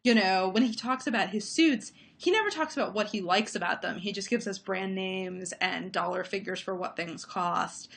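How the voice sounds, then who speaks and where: A woman's voice: medium pitch, moderate pace, vocal fry, hardly any pauses, fairly bright tone. A woman film critic talking through her views on movies in a thoughtful, analytical way, with many fillers, over a remote call. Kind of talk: casual conversation about movies.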